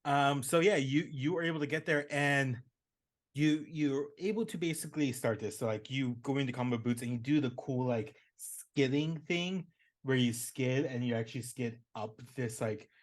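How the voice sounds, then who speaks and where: A man's voice: medium pitch, moderate pace. A man narrating as game master in a casual, rambling way full of fillers.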